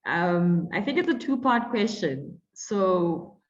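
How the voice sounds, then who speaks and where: A woman's voice: on the low side, big pitch swings, slow. A woman moderating an online panel discussion, chatty with many fillers and friendly invitations to the audience. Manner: chatty, many fillers, warm welcoming phrasing. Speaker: webinar moderator. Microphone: video call. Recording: dull lo-fi video call audio.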